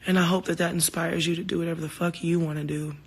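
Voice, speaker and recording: A woman's voice: on the low side, level tone, quick pace, creaky, breathy edge. A woman talking casually to her fans on a phone livestream, heartfelt and open, swearing now and then. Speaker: singer hosting a livestream.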